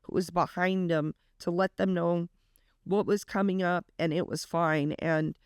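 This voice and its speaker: A woman's voice: fairly low pitch, steady tone, unhurried, clean tone, no echo, studio quality. A woman reaction vlogger earnestly retelling a story in a casual, emotional way.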